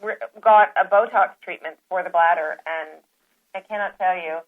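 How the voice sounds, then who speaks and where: A woman's voice: lowish voice, normal speed. A woman from Canada, a comedian guest chatting and joking with a host. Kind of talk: casual chat. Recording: dull, lo-fi broadcast audio.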